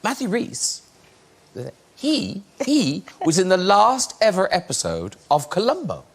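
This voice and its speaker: A man's voice: high-pitched, huge pitch swings, unhurried, husky. A man hosting a talk show, asking guests questions.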